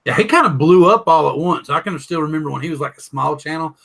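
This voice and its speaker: Southern male host, high bright voice, jokey rambling live-stream delivery. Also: quick pace, vocal fry. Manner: rambling, joking, reads chat aloud. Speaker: podcast host.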